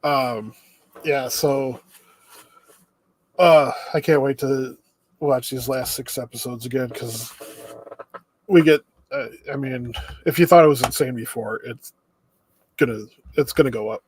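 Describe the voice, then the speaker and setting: A man co-hosting a podcast in casual chat, recapping the plot in a steady, easygoing way. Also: mid-range voice, measured pace, long pauses, a little hiss or hum. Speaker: podcast co-host.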